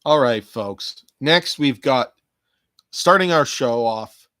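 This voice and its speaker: A man's voice: medium pitch, expressive, takes it slowly, sharp tone, no echo. A man hosting a casual solo podcast, rambling and joking with plenty of swearing, talking to listeners who aren't there. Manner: profane, jokey, talks to imagined listeners. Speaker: podcast host.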